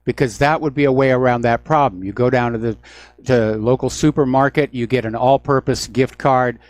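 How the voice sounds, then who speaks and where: Steady male talk radio host, mid-pitched, measured and a bit halting. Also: no echo. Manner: calm and thoughtful, many hesitations.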